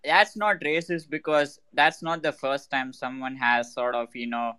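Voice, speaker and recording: A man in a casual online voice chat, relaxed and easygoing, often calling people "dude". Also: medium pitch, unhurried, clear, resonant tone, no room sound. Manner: laid-back, says "dude" a lot. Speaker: guest on a crypto talk space.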